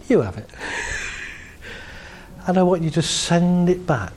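A man working as a therapist, calmly guiding a group through a visualization exercise and laughing lightly between points. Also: high-pitched, slow, long pauses.

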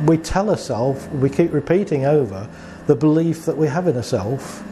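Here a male therapist chats about his practice in a mellow, somewhat high voice, with a faint hiss or hum on the recording. His relaxed talk is built around client anecdotes, where he voices both parties and throws in rhetorical questions.

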